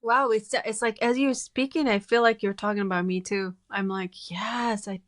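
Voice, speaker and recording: Woman podcast host, affirming and encouraging, mid-pitched. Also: normal speed. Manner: affirming, responds with short agreements. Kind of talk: podcast interview.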